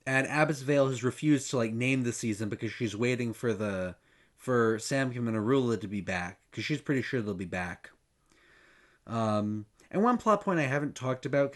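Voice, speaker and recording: Man recapping a fantasy novel, casual, rambling, lots of ums, mid-pitched. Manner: rambling, hesitant, many ums. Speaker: book reviewer. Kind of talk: casual book retrospective.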